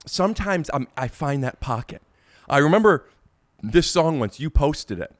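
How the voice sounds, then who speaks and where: A man hosting a casual podcast, his voice lively and swooping as he rambles excitedly and pokes fun at himself. He speaks a touch high for a man. The recording is dry and close, with no room sound. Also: normal speed, dry recording. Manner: excitable, self-deprecating, rambling with restarts. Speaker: podcast host. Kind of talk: casual chat and amateur singing.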